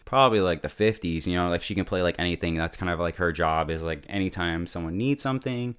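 Speaking at a quick pace, this man has a low voice with a fairly bright, clean tone. He gives a chatty, casual TV episode recap peppered with "like" and frequent laughter.

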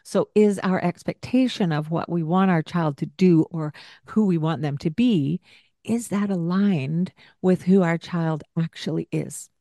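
An older woman hosting a parenting podcast, giving gentle coaching in a soft-spoken way and laughing often. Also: lowish voice, a little slow, no echo, clean studio sound.

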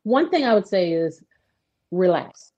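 Woman guest, mother, lively storyteller; mellow, slightly dull recording. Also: lowish voice, a little slow. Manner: animated storyteller, acts out quotes. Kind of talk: casual conversation.

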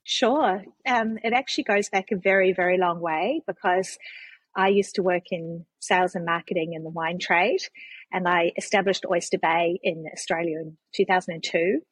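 A woman's voice: on the low side, fairly even intonation, normal speed, slightly rough, poor audio. A woman with a New Zealand accent, a guest telling her story in a chatty, conversational way. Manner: chatty storyteller with frequent restarts and laughs. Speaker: guest, charity CEO. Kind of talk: casual conversational interview.

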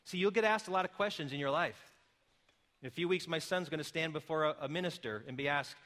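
Bright-voiced preaching man. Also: on the high side, fast talker. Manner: builds from quiet explaining to loud emphatic calls. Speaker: pastor. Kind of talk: sermon.

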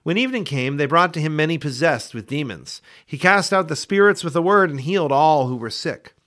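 A man reading Bible passages aloud for a daily scripture podcast, in a measured, expressive way. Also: fairly high pitch. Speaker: scripture reader.

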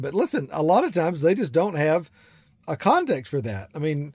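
A man's voice: a little high, sing-song, normal speed, no echo. A man from South Georgia with a Southern accent, hosting a podcast from his studio in a chatty, rambling way. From South Georgia, USA. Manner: warm, chatty, rambling with fillers and laughs. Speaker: podcast host and artist mentor. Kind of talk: casual podcast chat. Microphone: studio microphone.

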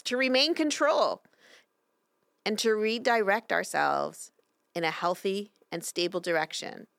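A middle-aged woman rabbi giving a sermon in a synagogue, telling a story with lively voices for its characters. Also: medium pitch, dry recording, clean studio sound. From Canada. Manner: storytelling, expressive voices for quoted angels. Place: synagogue sanctuary.

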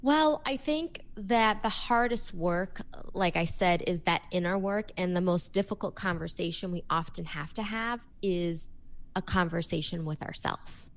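Unhurried and fairly low in pitch, this woman, a workplace coach, talks expressively in a podcast interview, bringing energy to it and performing her examples out loud.

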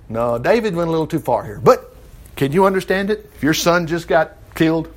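A man's voice: fairly high pitch, brisk. A man reading a Bible passage aloud and breaking off into chatty, chuckling asides to his listeners. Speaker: Bible teacher. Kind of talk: Bible reading with off-the-cuff commentary.

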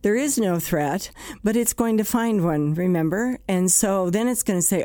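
Woman host, mellow low voice, plain conversational explainer, dry booth sound. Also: animated, normal speed, no echo. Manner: explains plainly with everyday examples, acting out anxious self-talk. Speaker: podcast host and psychologist. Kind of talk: conversational talk.

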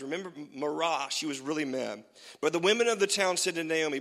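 Animated male preacher in a reverberant hall. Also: a little high, fairly quick. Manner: animated storytelling preacher, swings loud and soft. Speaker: pastor. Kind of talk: sermon.

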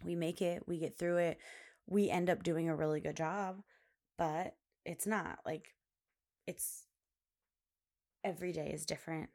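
A woman's voice: fairly low pitch, steady tone, unhurried, pauses often, darkish tone. A woman in her late twenties hosting a solo podcast about motherhood, talking in a chatty, rambling way full of "like" fillers. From Pacific Northwest US. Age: 20s. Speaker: podcast host. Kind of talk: casual solo podcast chat.

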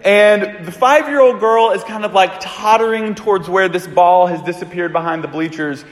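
Speaking at a normal speed, this pastor tells his sermon like a loose, animated story shared with friends. His voice is fairly high for a man, and a long echo from a large hall trails each phrase.

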